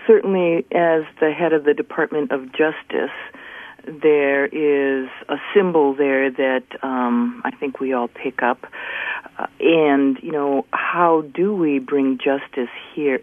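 A woman joining a radio panel discussion as a political science professor, speaking thoughtfully and haltingly with many fillers. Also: low voice, no echo, narrow, tinny audio.

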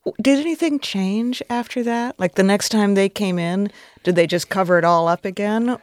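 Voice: mid-range voice, normal speed, smooth, no echo. An interviewer asking curious, probing questions.

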